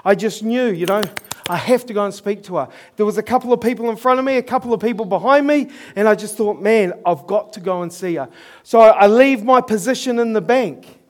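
A man with a New Zealand accent delivers a storytelling sermon in a noticeably high voice. He is earnest and middle-aged, and he chuckles at his own mishaps as he preaches. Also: a little fast.

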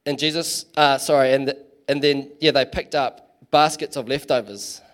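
A man's voice: mid-range voice, fairly even intonation, moderate pace. A man giving a casual, chatty sermon in church, full of fillers and self-deprecating asides. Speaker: preacher.

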